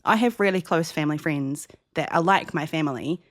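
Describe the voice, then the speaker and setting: A young woman from New Zealand with a New Zealand accent, co-hosting a podcast and telling a lively story in casual chat, jumping higher when she acts out dialogue. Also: a little fast. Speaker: podcast co-host.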